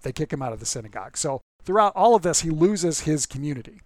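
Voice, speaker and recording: A man's voice: a little high, lively intonation, quick pace, darkish tone, no room sound. A man preaching as a pastor in a casual, conversational way, often restarting words and acting out the people in the story. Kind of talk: conversational sermon.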